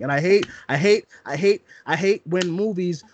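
A man's voice: fairly high pitch, steady tone, brisk, few pauses. A young man co-hosting a casual movie podcast, ranting emphatically and repeating "listen" to hold the floor. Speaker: podcast co-host.

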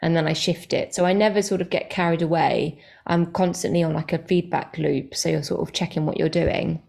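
A woman stand-up comedian chatting as an interview guest, talkative and quick to correct herself, with lots of fillers. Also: low-pitched, fairly even intonation, gravelly, darkish tone. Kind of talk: casual interview chat.

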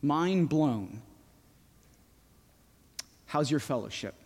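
Slow, emphatic male preacher in a reverberant hall. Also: a little high, animated, a little mellow. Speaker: pastor. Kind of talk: sermon.

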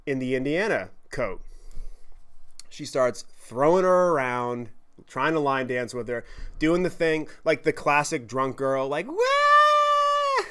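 A man telling a story in a podcast monologue, animated, profane and self-deprecating. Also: fairly high pitch, clean tone. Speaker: podcast host.

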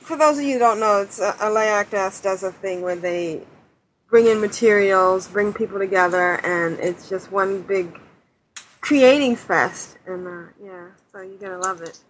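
A woman's voice: mid-range voice, normal speed, slight background noise, rough recording. A woman hosting a podcast, asking short friendly questions in casual chat. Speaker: podcast host.

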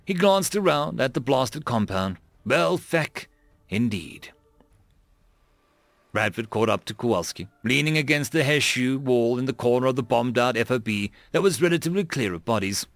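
A man narrating an audiobook in an expressive voice, voicing many characters. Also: medium pitch, fairly quick, hardly any pauses, dry recording.

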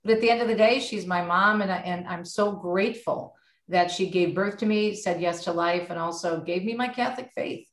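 A woman's voice: lowish voice, a little fast. Outspoken woman with roomy echo. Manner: outspoken, animated storyteller. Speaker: radio host and author, guest. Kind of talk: casual faith chat.

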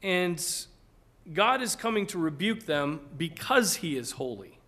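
A man's voice: on the high side, very animated, unhurried, bright, forceful tone. A man preaching an expository sermon as a pastor. He talks earnestly and with emphasis, often checking in with "right?" and repeating words as he builds a point.

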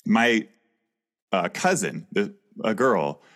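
Man, lowish voice, casual comedy podcast, rambling storyteller, swears a lot. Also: takes it slowly. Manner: rambling, swears freely, animated retelling. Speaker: podcast co-host.

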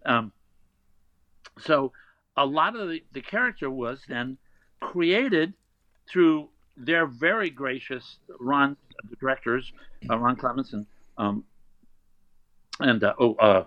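An older man, a voice actor guest, telling animated anecdotes in a casual interview and slipping into playful voices. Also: mid-range voice, takes it slowly, pauses often, no room sound. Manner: animated storyteller who slips into playful voices. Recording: dry, dull lo-fi sound.

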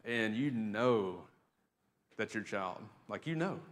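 Male pastor, lowish voice, chatty preaching to the congregation, long church reverb. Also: expressive, takes it slowly. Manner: conversational preaching with fillers and repeated words. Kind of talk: sermon. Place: church sanctuary.

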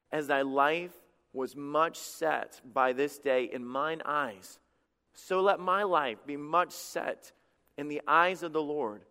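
A male pastor preaching a sermon, animated and stammering over his restarts as he acts out quotes. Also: fairly high pitch, long reverb tail.

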